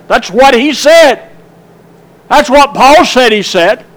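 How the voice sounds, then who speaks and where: A man delivers a sermon in a very high-pitched voice. He preaches slowly and emphatically, drawing out his phrases and putting rhetorical questions to his congregation. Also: expressive, a bit bright. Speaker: pastor.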